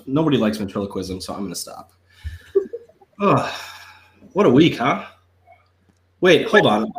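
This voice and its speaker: A man's voice: mid-range voice, expressive, unhurried, pauses often. A young man hosting a live online talk show with a desktop microphone, joking and rambling in a self-mocking way. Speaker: host.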